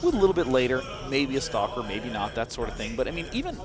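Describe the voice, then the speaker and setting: A man's voice: medium pitch, wildly swooping pitch, fast talker, a crowd in the background. An American man casting a live strategy game match, analytical and fond of teasing banter. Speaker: esports commentator.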